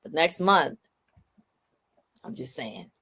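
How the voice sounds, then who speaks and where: Woman host, deep voice, casual and playful storyteller. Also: big pitch swings, takes it slowly, bright, forceful tone, husky. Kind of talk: casual chat.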